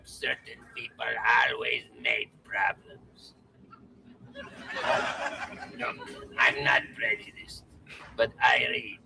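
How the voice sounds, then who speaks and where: An actor playing a bigoted, hot-tempered taxi driver from Europe who rants slowly and threatens his passenger. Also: mid-range voice, exaggerated voice. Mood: grumbling. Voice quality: gravelly. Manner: ranting, threatening, slow. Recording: distant voice over loud traffic.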